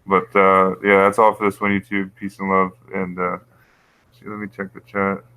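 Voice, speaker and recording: Flat-voiced man with a bright, crisp tone. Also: sits low, normal speed, rough recording. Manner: rambling, conspiratorial, laughs at his own points. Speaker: YouTube channel host. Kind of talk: casual screen-share commentary reading live chat.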